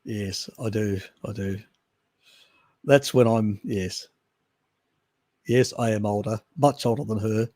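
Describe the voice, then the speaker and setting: A man's voice: fairly low pitch, fairly even intonation, slow pace, pauses often, mellow, no room sound, studio quality. An Australian man hosting a live stream, chatting loosely and answering viewer questions with restarts and chuckles. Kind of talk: casual chat, reading and answering viewer questions.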